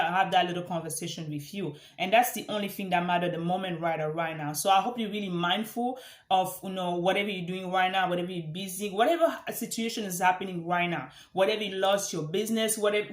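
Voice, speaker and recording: A woman from Africa, giving an earnest motivational talk as a life coach and repeating phrases for emphasis. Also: mid-range voice. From Central Africa. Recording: echoey room.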